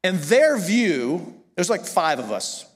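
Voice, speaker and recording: Man, pastor, Southern US accent, middle-aged, high voice, church hall reverb, casual emphatic sermon. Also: sing-song, takes it slowly. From American South. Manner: conversational, self-correcting, emphatic. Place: church sanctuary.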